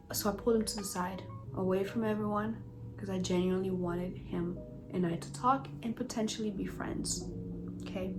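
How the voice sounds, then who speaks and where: A woman's voice: medium pitch, rough recording. Woman vlogger doing a storytime, talks to the viewers a lot, chatty, lots of "like", faint music behind. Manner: chatty, animated storytelling with many fillers, addressing viewers. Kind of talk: storytime vlog.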